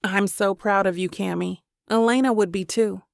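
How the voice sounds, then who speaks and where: Woman reading as a protective bridesmaid pal, soft and fond, kinda gravelly. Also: mid-range voice, steady tone, normal speed, no echo, studio quality, lightly acted. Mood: tender. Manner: soft, affectionate. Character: warm protective young woman, bridesmaid friend.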